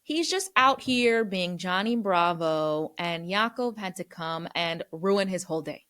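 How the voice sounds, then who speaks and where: A woman's voice: fairly low pitch, expressive, unhurried, fairly bright tone. Chatty woman teaching scripture. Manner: chatty, slangy retelling. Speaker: podcast host.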